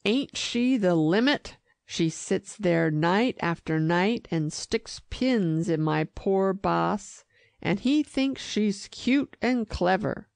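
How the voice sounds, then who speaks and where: Woman doing old street dog, gruff, slangy, grumbling, slow. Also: mid-range voice, expressive, a little mellow, no room sound. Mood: indignant. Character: gruff old male Bowery street dog, blunt and suspicious.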